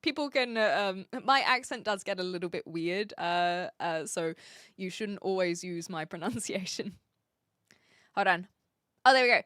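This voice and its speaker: Bright-voiced new zealand woman streamer. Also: mid-range voice, moderate pace, dry recording, studio quality. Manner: chatty, giggly, trailing off into quiet asides. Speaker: livestreamer. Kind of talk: casual chat reading stream comments.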